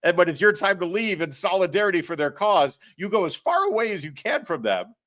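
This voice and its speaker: A man's voice: high-pitched, a little fast. A man hosting a live political commentary show, talking in a sarcastic, mocking way. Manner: sarcastic, mocking, animated delivery. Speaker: host.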